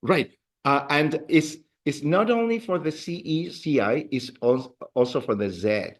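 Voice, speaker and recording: A man teaching a Spanish class to adult students in a classroom. He explains with halting repeated words and teases his students in a playful way. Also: a little high, animated. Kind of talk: classroom language lesson.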